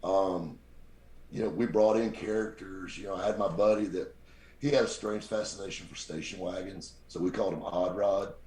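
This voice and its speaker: A man with a very deep voice, telling lively stories as a podcast guest and acting out the people he quotes. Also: normal speed. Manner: animated anecdote-teller, acts out quoted people. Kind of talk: casual storytelling. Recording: roomy echo.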